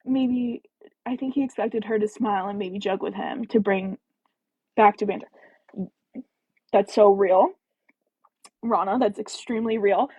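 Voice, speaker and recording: A woman's voice: on the high side, a little mellow, breathy edge, no room sound, dull audio. A woman hosting a casual book club livestream, chatting animatedly and answering viewer comments.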